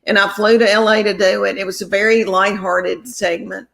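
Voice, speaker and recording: Middle-aged woman comedian, chatty storyteller, rambling and warm-hearted in tone; medium pitch. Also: little pitch movement, normal speed, creaky. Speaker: comedian guest. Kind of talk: casual storytelling.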